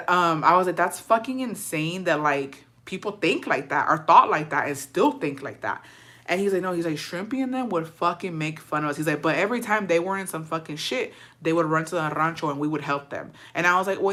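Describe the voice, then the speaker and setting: A woman's voice: fairly low pitch, expressive, a little fast, fairly bright tone. A woman from Texas chatting casually on a livestream with viewers, gossiping and swearing freely and slipping Spanish phrases into her English.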